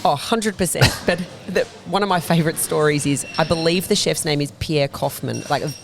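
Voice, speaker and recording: A woman's voice: deep voice, a little fast, vocal fry, faint music behind. A woman, a bakery founder, telling fluent, detailed stories as a guest in a casual interview inside her bakery. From Australia.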